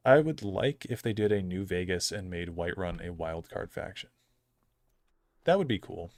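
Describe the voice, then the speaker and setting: Rambling male streamer, low dry voice. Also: lively intonation, moderate pace, darkish tone, no echo. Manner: rambling, filler-heavy, opinionated. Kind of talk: casual gameplay commentary.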